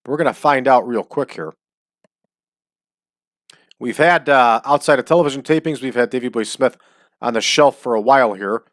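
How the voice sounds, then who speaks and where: A man talking casually over a wrestling booking game, with chatty asides and drawn-out hype calls. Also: medium pitch, no room sound, clean studio sound. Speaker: wrestling sim game host.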